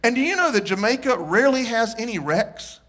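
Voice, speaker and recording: A man's voice: extremely high pitch, fairly quick. A man preaching a sermon to his congregation, joking and telling stories as he goes. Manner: animated, joking storyteller with the congregation. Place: church.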